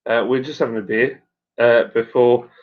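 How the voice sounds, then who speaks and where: A man's voice: mid-range voice, fairly even intonation, moderate pace, narrow, tinny audio. A man hosting a casual live stream, chatting and reading out viewers' messages, sometimes tripping over names.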